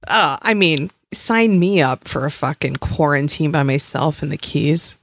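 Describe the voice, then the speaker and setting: Wry woman podcast co-host, slightly low. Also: animated, no echo. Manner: wry, crude jokes, quick agreement. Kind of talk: casual chat.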